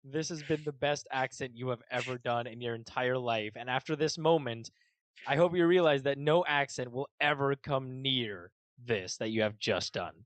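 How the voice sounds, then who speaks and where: This young man, in his 20s, co-hosts a casual podcast, laughing often, ribbing his friend, and steering back to the news. He speaks at a moderate pace with a medium pitch, and there's no room sound.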